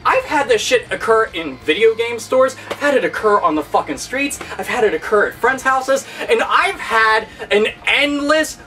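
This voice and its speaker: A man's voice: extremely high pitch, expressive, normal speed, few pauses, sharp tone, distant mic. A man hosting a gaming video, delivering a heated, sarcastic, profanity-laced rant. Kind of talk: angry rant vlog.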